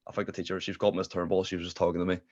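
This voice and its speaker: A man's voice: low-pitched, completely flat delivery, rapid-fire, darkish tone. A young man with a Derry accent, guesting on a podcast in a laid-back, rambling chat full of swearing. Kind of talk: casual chat. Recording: muffled lo-fi podcast audio.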